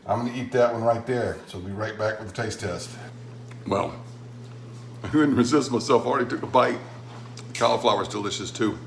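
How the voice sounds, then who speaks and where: A man's voice: on the low side, a little fast, vocal fry, pauses often, a little hiss or hum. A middle-aged man hosting a casual home cooking vlog, talking in a folksy, rambling way with many fillers. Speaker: home cooking channel host. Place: home patio and kitchen.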